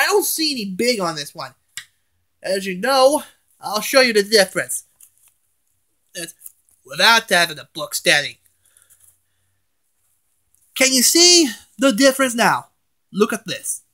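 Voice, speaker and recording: A vlogger with a very high, sharp voice rants at home, indoors, in a casual video. Angry and cursing, he keeps stammering and starting his words over.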